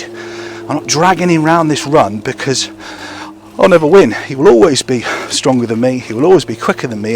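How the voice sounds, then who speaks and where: A man's voice: medium pitch, slight background noise. A man training a young gundog outdoors, explaining to camera between short bursts of praise and commands to the dog.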